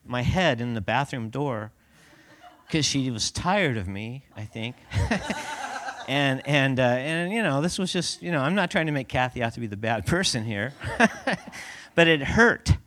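A man's voice: medium pitch, expressive, unhurried, fairly bright tone, a little hiss or hum. A man giving a conversational sermon as a pastor in a church, laughing often and asking the congregation rhetorical questions.

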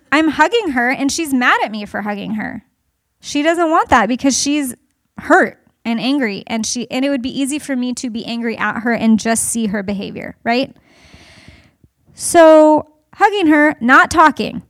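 A woman in her thirties speaking to an audience in a conversational way, telling family stories with animated delivery and laughter. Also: high-pitched, no room sound, clean studio sound.

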